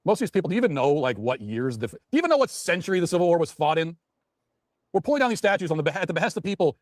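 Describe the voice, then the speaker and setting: A man's voice: on the high side, sing-song, racing, no echo, clean studio sound. A man giving heated, mocking political commentary. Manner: indignant, mocking, ranting.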